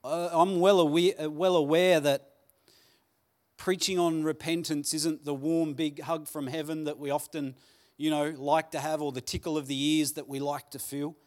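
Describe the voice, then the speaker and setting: A man preaching a Sunday sermon, earnest and pleading, with dramatic pauses. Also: on the high side, flat delivery. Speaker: pastor. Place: church hall.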